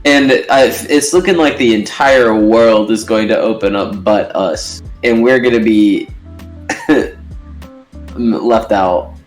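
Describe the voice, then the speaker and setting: A man bantering on a casual podcast, quick with sarcastic jokes and fond of saying dude. Faint music plays under his voice. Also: on the low side. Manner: joking, sarcastic, says dude. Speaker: podcast co-host. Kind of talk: casual chat.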